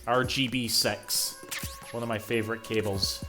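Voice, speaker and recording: A man's voice: mid-range voice, little pitch movement, normal speed. Scottish male streamer, loose chatty commentary with plenty of cursing, music underneath. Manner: chatty, swears freely while fretting over crashes. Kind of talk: casual gameplay commentary. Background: game music.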